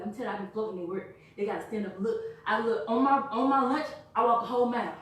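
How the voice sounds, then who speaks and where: A woman giving an energetic, chatty sales pitch to a small live group, laughing and quizzing her listeners. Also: quick pace. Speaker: product presenter. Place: echoey room with a small live audience. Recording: echoey room from far off.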